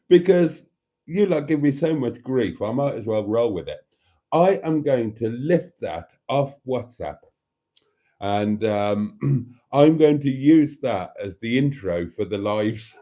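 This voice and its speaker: A man chatting warmly with viewers on his live stream, camp and talkative, laughing often and calling them darlings. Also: medium pitch, expressive, slow, pauses often.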